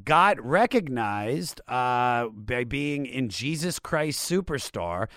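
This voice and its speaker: A man's voice: mid-range voice, sing-song, slow, a bit bright, no room sound, clean studio sound. A man hosting a music podcast, chatty and enthusiastic as he introduces tracks. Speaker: podcast host. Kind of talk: casual podcast conversation.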